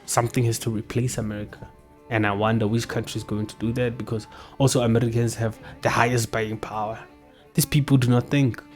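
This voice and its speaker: A man's voice: on the low side, little pitch movement, quick pace, soft background music. A man hosting, giving casual blunt commentary and arguing back at clips. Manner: blunt, argumentative, keeps saying bro. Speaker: host.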